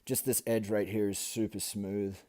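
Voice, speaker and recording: A man's voice: lowish voice, level tone, moderate pace, warm tone. A man giving a casual knife review, rambling with many fillers and restarts.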